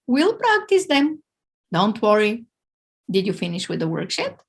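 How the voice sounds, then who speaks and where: A woman teaching a language lesson, sounding out words slowly and carefully for learners to repeat. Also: medium pitch, huge pitch swings, creaky, breathy edge.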